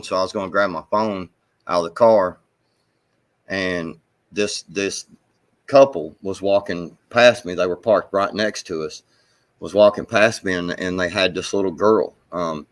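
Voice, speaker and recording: A man with a fairly low voice spins a funny story for the stream chat. He is animated and swears freely as he tells it. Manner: animated, profane yarn-spinning. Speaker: stream co-host.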